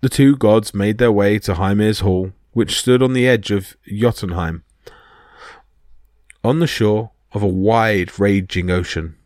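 A man's voice: fairly low pitch, unhurried, no room sound, studio quality. A man narrating myths as a podcast storyteller, reading expressively. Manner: expressive reading that voices each character.

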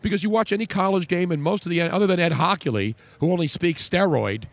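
A man's voice: high voice, brisk, creaky, no echo. A man hosting a sports talk show, chatting and joking in a loose, rambling way. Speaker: sports radio host.

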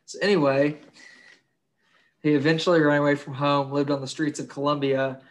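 A man's voice: a little high, flat delivery, moderate pace. A young man co-hosting a casual podcast, crude and joking, swearing freely. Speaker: podcast co-host.

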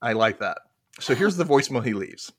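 Guy doing a sitcom recap podcast, super animated, pitch all over the place, acts out the quotes. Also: brisk, dry recording, studio quality. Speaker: podcast host. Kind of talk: casual recap chat.

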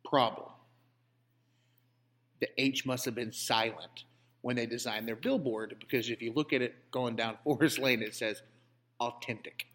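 A man's voice: mid-range voice, normal speed, fairly bright tone. Mock-grand storytelling man in an echoing hall. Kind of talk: comedic banter. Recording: long hall reverb.

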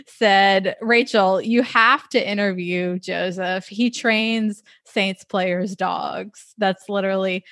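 A woman hosting a podcast interview, upbeat and measured. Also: mid-range voice, fairly even intonation, a bit bright, no echo. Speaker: podcast host.

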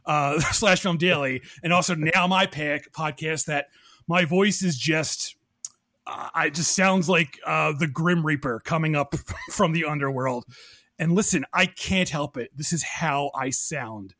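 A man with a deep, gravelly voice chatting on a podcast, ranting with self-deprecating laughs. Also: a little slow, sharp tone, no echo. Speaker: podcast host. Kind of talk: casual podcast chat.

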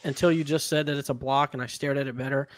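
A man hosting a casual podcast, speaking frankly and with emphasis. His voice sits at an ordinary middle pitch. He keeps the tone loose and conversational. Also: fairly even intonation, fast, dry recording. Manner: emphatic and candid. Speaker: podcast host. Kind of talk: casual chat.

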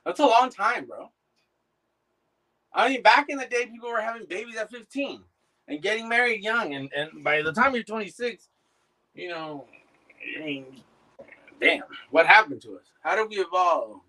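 A man in casual chat as an interviewer, rambling, profane and animated. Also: sits high, normal speed, long pauses, rough recording.

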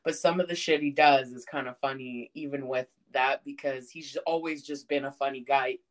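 Profane, animated young woman storyteller. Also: a bass voice, moderate pace. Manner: profane, animated storytelling with loud outbursts and laughter. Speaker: podcast co-host. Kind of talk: casual chat.

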